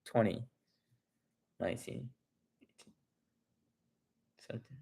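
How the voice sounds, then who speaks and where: A man's voice: mid-range voice, takes it slowly, vocal fry, slightly rough. Rambling man chatting on a livestream. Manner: rambling, many restarts, animated retelling. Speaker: livestream host. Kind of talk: casual livestream chat.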